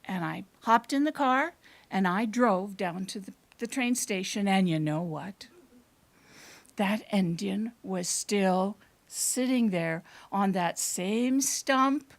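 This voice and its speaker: A woman telling a tale live before an audience in a small performance space, with dry, deadpan humor and drawn-out pauses. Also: medium pitch, creaky. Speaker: storyteller.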